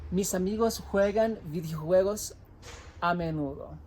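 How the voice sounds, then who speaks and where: A man teaching a language lesson, repeating each word slowly and clearly so listeners can type it. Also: high-pitched, a little mellow, slight background noise. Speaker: Spanish teacher. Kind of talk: slow dictation-style language lesson.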